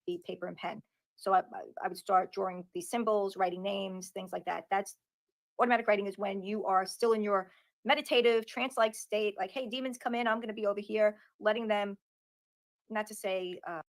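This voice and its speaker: A woman gives earnest, explanatory answers as an interview guest. Her voice sits at an ordinary pitch for a woman. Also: steady tone, moderate pace, vocal fry.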